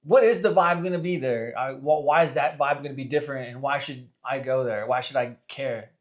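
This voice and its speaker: A man's voice: mid-range voice, fairly quick. Joking, easygoing male podcast host. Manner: jokey, friendly questions, says dude and man. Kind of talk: casual podcast interview.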